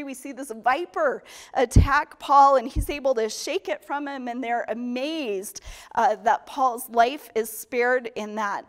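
A woman pastor delivers a sermon in a fairly high voice. She speaks earnestly, repeating her main point and slowing down to press the key phrases home. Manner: earnest, emphatic repetition with slow stresses.

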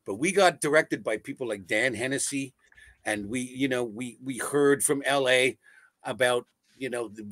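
A man, a voice actor telling stories in a casual interview, animated and swearing freely over a video call. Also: medium pitch, no echo. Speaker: voice actor guest. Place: home setup on a video call.

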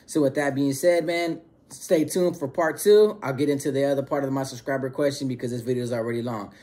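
A man's voice: mid-range voice, brisk, warm tone. A man talking to his subscribers in a casual storytelling monologue, loose and slang-heavy, often repeating words as he goes. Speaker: YouTuber telling a story to subscribers.

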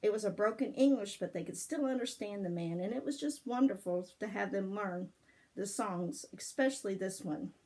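An older woman with a husky voice, gently telling a story and devotional to her grandchildren. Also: mid-range voice, moderate pace, poor audio. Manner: gentle, affectionate, sings softly. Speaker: storyteller for children.

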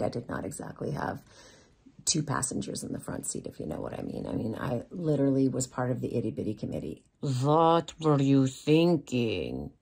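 Low, gravelly woman telling a candid story. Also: darkish tone. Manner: candid, confessional, self-deprecating humor. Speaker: vlogger. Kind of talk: personal storytelling.

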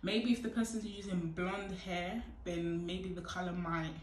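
A woman's voice: on the low side, level tone, a little slow, slight background noise. Young woman, casual tutorial chat, playful, far from the mic in an echoey room. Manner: chatty, playful, bursts of loud whoops. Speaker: hair tutorial vlogger. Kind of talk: casual how-to chat to camera.

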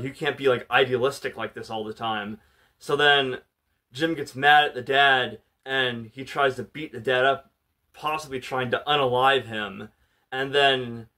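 Here a male movie reviewer with a mid-range, pushed, bright voice casually walks through a film's plot. Fillers like "like" and "you know" run all through his loose, chatty talk.

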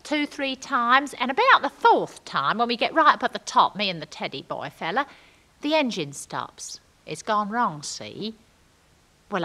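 A woman's voice: fairly high pitch, bright, forceful tone. A gossipy girl. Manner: gossipy, rambling, ungrammatical storytelling. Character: chatty working-class young London woman. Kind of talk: comic character monologue.

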